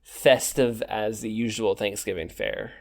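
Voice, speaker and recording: A man's voice: lowish voice, steady tone, a little slow. A young man co-hosting a podcast, talking casually and chattily with fillers and restarts. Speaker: podcast co-host.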